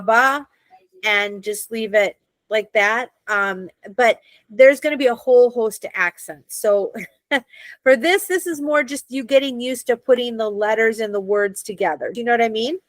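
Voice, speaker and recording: A woman's voice: a little high, moderate pace, no echo. An American woman teaching a Hebrew reading class, patiently checking that her students follow. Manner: patient, checks understanding often.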